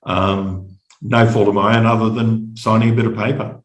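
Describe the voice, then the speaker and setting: A middle-aged Australian man telling his personal story as a podcast guest, halting and reflective, often repeating words. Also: fairly low pitch, flat delivery, roomy sound, poor audio.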